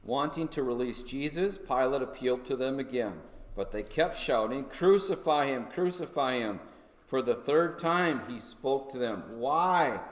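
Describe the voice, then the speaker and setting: A man at an ordinary middle pitch teaches a Sunday school Bible lesson in a relaxed, conversational manner. He often checks in with his listeners, asking "okay?" and "right?", and his voice rings with the long reverb of a large, echoey church hall.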